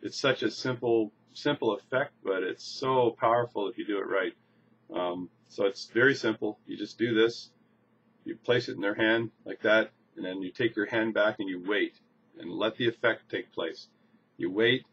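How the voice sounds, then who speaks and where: A man casually demonstrating a coin magic trick, relaxed and restarting phrases as he shows each move. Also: on the low side, husky. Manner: relaxed, repeats words and restarts while demonstrating. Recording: slightly dull lo-fi recording with faint noise.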